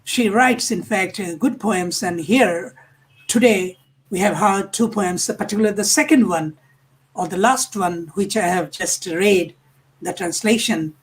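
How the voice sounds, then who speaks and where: A host slowly reading translated love poems aloud on a live stream, pausing between phrases and restarting words. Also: mid-range voice, slightly rough, rough recording. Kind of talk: slow poetry reading with commentary.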